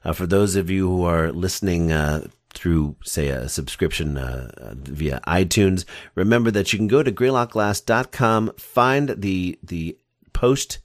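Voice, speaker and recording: A man with a low, deep voice hosts a podcast in relaxed conversation, rambling and enthusiastic as he talks. The sound is dry and close, with no room echo. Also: a little slow. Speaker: podcast host. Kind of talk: casual interview chat.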